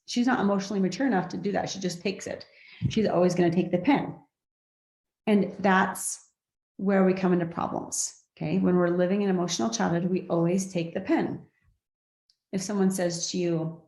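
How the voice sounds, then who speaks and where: A woman's voice: on the low side, fairly even intonation, normal speed, vocal fry, a little mellow. A woman leading a live coaching class, talking conversationally and often checking in with her listeners. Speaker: life coach. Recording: echoey room.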